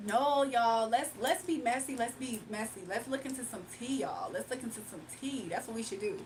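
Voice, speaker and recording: High-pitched woman rambling to her stream chat, laughing a lot, sounds a bit far from the mic. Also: moderate pace, background noise. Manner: chatty, laughs often, addresses chat as y'all. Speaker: livestream host. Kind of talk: casual live-stream chat with viewers.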